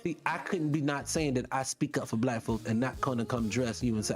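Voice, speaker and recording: A man's voice: mid-range voice, brisk, few pauses, faint music behind. A man hosting a live online show, fired up and profane as he talks straight to his viewers. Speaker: show host. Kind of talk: livestream commentary rant.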